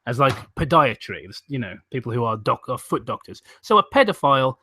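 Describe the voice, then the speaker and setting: A man's voice: mid-range voice, very animated, brisk, bright, forceful tone, slightly rough, dry recording. A man hosting a live stream, reading a story aloud and swearing and joking between lines. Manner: swearing, joking, often laughing. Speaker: stream host. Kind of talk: casual crude banter and reading aloud.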